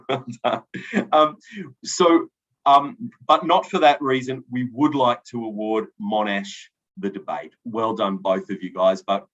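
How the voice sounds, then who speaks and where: Here a man with a steady, mid-range voice and a fairly bright tone takes his time delivering spoken feedback and results at a debate final. Captured in an event hall on a dull lo-fi recording, his encouraging comments to each speaker come with plenty of ums and restarts.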